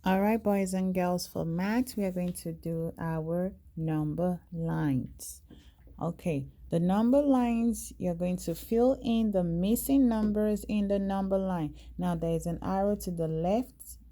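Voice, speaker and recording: Slow, mellow-voiced woman teacher. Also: fairly low pitch. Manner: slow and deliberate, reading each sentence carefully. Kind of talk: reading a worksheet aloud to young children.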